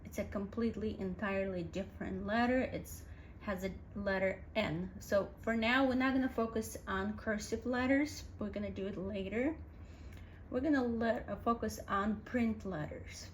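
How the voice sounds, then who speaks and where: A woman's voice: mid-range voice, moderate pace, a little hiss or hum. A woman teaching a language lesson, patiently spelling out sounds letter by letter. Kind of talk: alphabet lesson.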